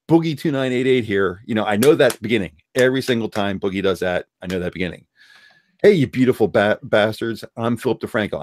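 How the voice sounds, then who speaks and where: A man's voice: fairly low pitch, darkish tone, no echo, clean studio sound. A man hosting a live stream, giving blunt, rambling opinions in casual chat. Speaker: streamer hosting a call-in discussion.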